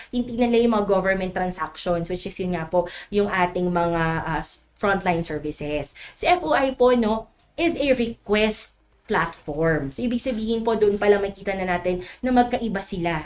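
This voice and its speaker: Chatty Filipino woman giving a briefing. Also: medium pitch. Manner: polite and chatty, keeps asking the listeners to agree. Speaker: government program trainer. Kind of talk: online orientation lecture.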